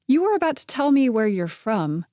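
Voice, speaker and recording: A woman reading the part of a curious young woman who asks lively questions and is a little wary. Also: fairly high pitch, normal speed, dry recording, clean studio sound, voice pushed up.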